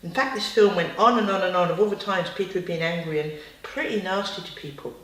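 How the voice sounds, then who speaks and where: A woman telling a bedtime story to a child, with chatty, lively asides. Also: fairly low pitch, fast talker. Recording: roomy, distant.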